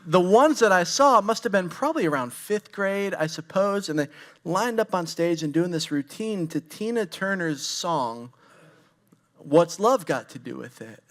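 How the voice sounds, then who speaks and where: Pastor, male, 40s, high-pitched; relaxed, candid storytelling preaching that addresses the room directly. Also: measured pace. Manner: candid, storytelling, talks straight to the congregation. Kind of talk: conversational sermon.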